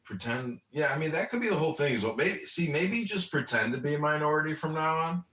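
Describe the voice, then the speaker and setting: A man's voice: fairly high pitch, animated, fast talker, bright, forceful tone. A male podcast host, blunt and joking in chat, who also reads stories aloud. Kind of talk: casual chat and story reading. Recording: roomy, distant mic.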